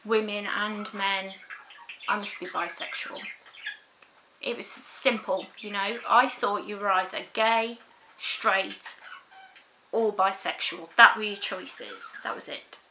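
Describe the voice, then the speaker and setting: A young adult woman vlogger talking casually to camera, thoughtful and halting, with many pauses and ums. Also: medium pitch, background noise. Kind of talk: casual personal talk to camera.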